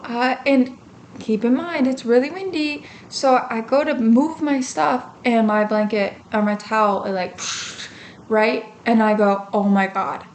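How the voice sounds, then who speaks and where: A young woman with a fairly high voice chats straight to her camera, telling a story with plenty of "like" and "um". She acts out her own reactions as she goes. A faint hiss of background noise sits under her. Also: a little slow. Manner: chatty and animated, lots of fillers, acts out her own reactions. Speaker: vlogger. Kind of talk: casual talking-to-camera storytelling.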